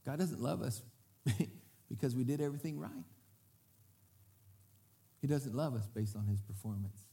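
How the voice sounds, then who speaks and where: A man preaching a sermon to his congregation. He speaks in a lively way, asks the crowd to repeat words back to him, and often acts out what other people say. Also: medium pitch, unhurried, creaky. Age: adult parent. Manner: lively, often breaks into acted quotes. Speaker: pastor.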